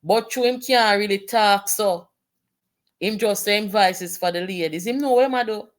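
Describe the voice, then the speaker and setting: A woman's voice: medium pitch, normal speed. A woman with a Jamaican accent, delivering impassioned political commentary with indignant, emphatic rhetorical questions.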